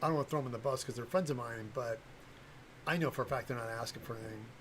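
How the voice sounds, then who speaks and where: A man's voice: medium pitch, racing, a bit bright, slight background noise, poor audio. An older man talking casually on a livestream, blunt and rambling, with lots of fillers and restarts. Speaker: livestream host, cosplay prop maker.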